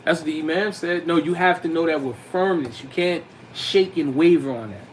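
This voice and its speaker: A man teaching a religious class to young students in a relaxed, slangy way, mixing recited Arabic phrases into his English explanations. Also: on the high side, normal speed, slight background noise, poor audio. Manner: colloquial, slangy, addresses youths directly.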